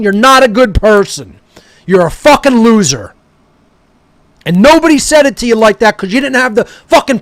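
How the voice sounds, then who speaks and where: A man's voice: extremely high pitch, no room sound. A man delivering an aggressive, profane rant that berates his listeners. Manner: aggressive, berating, swearing constantly. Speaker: speaker. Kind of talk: profane ranting monologue.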